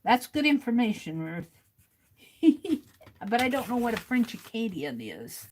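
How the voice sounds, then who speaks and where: Slow, chuckling woman livestream host. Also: on the high side, sing-song, a little mellow, slight background noise, low-quality recording. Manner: chuckles often, thinks aloud, restarts sentences. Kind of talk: casual livestream chat, reading viewer comments aloud.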